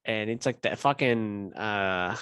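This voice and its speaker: A man's voice: fairly low pitch, takes it slowly, a bit bright, smooth, no room sound. A young man hosting a casual podcast, telling a long story in a rambling, profane way full of fillers. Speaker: podcast host. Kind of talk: casual chat.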